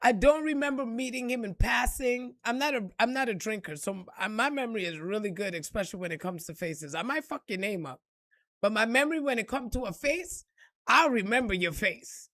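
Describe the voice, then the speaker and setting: Woman, casual profane vlog storyteller, slightly high voice, dry close sound. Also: brisk, no room sound. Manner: animated and profane, acting out quotes with laughs. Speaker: vlogger telling a personal story.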